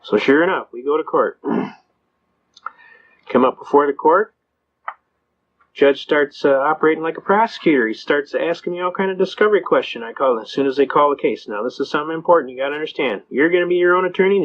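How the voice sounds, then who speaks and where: A man lecturing in a rapid, folksy storyteller's way, his voice a touch high for a man. The recording is dull and lo-fi, as if muffled. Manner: fast-talking. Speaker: speaker giving legal advice. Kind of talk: anecdotal lecture.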